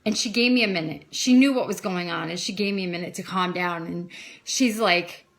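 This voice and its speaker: A woman casually telling a personal faith testimony at home, growing loud and excited at the big moments. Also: fairly low pitch, brisk, gravelly. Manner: emotional, gets loud and excited at key moments. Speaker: vlogger sharing her faith testimony.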